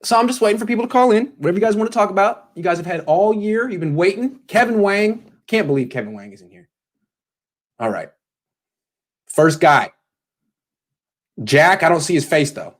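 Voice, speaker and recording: A man's voice: high-pitched, normal speed, long pauses. A man hosting a casual call-in show from home, talking loosely and joking as he takes callers. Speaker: host.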